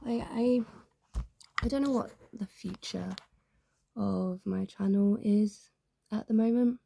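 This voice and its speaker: A woman's voice: medium pitch, fairly even intonation, takes it slowly, gravelly, warm tone, breathy edge, no echo. A young woman talking in a rambling, candid way, full of fillers, in a casual confessional vlog. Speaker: YouTuber.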